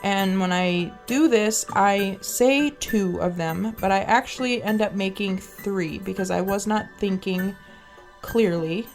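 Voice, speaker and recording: Casual female crafter explaining a project at a slow, easy pace over guitar music. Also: mid-range voice, vocal fry. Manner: chatty, with many fillers. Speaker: craft channel host.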